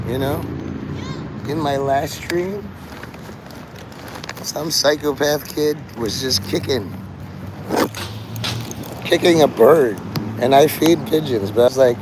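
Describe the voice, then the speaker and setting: A man's voice: on the high side, takes it slowly, long pauses. A man livestreaming from a city street, rambling in casual chat with profane, darkly joking asides. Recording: loud street traffic noise. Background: vehicles and city ambience.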